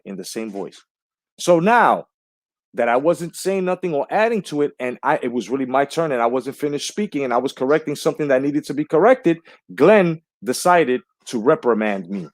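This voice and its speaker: A man with a slightly raised voice tells a grievance in a heated, indignant, profane tone. He is a boxing channel commentator giving a casual monologue, recorded with a close, dry sound and no room echo. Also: a little high.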